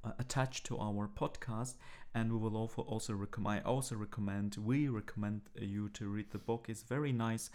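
A man's voice: on the low side, steady tone, normal speed, darkish tone. A man co-hosting a podcast in casual chat, speaking hesitantly with frequent fillers and restarts. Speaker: podcast co-host.

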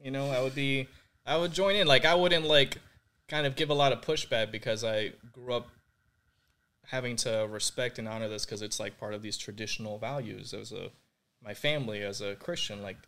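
A man's voice: medium pitch, fairly even intonation, moderate pace, pushed and bright. Earnest young man telling his testimony. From Puerto Rico. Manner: earnest and reflective, heavy use of "like" and "you know". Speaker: guest sharing his faith testimony. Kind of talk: candid interview conversation.

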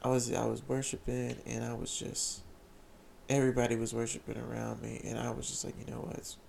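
A young man telling an emotional, excited personal testimony, repeating phrases as he speaks. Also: medium pitch, brisk, creaky, slight background noise.

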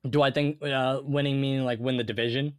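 A man's voice: mid-range voice, a little fast, clean tone, no echo. A young man chats through sports news as a podcast co-host, full of "like" and "you know" as he works out his thoughts. His voice sits in a middle range. The sound is dry and close, with no room around it. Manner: animated, thinks aloud with many fillers. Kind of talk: casual sports chat.

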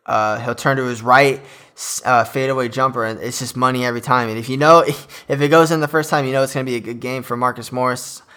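A man's voice: medium pitch, steady tone, fast talker, sharp tone, clean tone. A young man hosting a casual solo sports podcast, chatting loosely with lots of fillers and an enthusiastic fan's energy. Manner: chatty, filler-heavy, enthusiastic fan talk. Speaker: podcast host.

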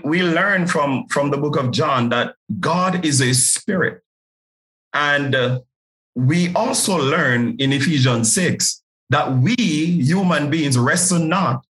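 A man's voice: a little high, a bit bright, rough recording. A man from Jamaica with a Jamaican accent, speaking as a pastor and podcast guest, earnest and often repeating words as he starts a thought. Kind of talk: podcast interview guest, preaching.

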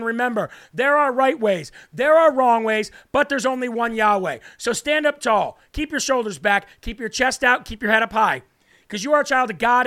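A man hosting a live political commentary show, fiery and preacher-like, shouting at times. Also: very high voice. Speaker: host.

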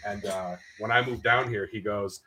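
A man's voice: lowish voice, steady tone, moderate pace, sharp tone. A man hosting a casual podcast, telling crude stories with lots of swearing and laughter. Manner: profane, storytelling, laughs often. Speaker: podcast host.

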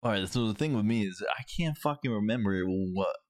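Low-voiced man, swearing storyteller. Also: expressive, brisk, no room sound. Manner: profane, rambling, swears constantly. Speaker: podcast co-host. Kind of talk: casual storytelling chat.

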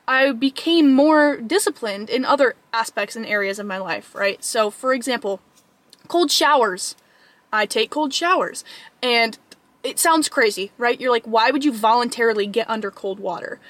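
A woman's voice: a little high, fairly bright tone, dry recording. A young woman giving an earnest, emphatic motivational talk to camera as a fitness vlogger. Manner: earnest, emphatic, acts out an inner voice in quick asides.

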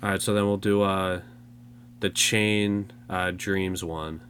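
A man's voice: deep voice, fairly even intonation, slow pace, fairly bright tone, a little hiss or hum. A young man co-hosting a podcast in loose, joking casual chat, rambling with plenty of fillers. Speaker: podcast co-host.

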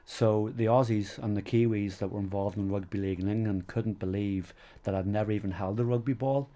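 A man's voice: fairly low pitch, fairly even intonation, a little fast, dark tone. A middle-aged man with a Northern Irish accent, telling stories in a casual interview, rambling and full of "you know" fillers. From Northern Ireland. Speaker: guest.

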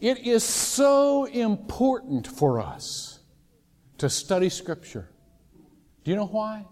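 A man from Ohio preaching a sermon in a casual, storytelling way, with occasional loud shouted impressions. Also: high voice, huge pitch swings, slow pace. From Ohio, USA. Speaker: pastor. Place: large church sanctuary. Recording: church hall reverb.

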